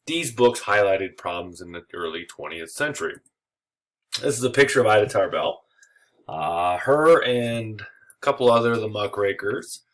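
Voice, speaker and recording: A man's voice: on the low side, expressive, normal speed, a bit bright. A man giving a recorded history lecture in a casual way, with joking asides and frequent filler words. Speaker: history teacher.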